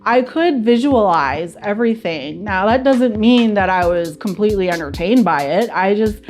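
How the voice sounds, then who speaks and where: A woman's voice: mid-range voice, lively intonation, normal speed, darkish tone, faint music behind. A woman giving a casual, candid spoken book review, chatty and prone to repeating herself.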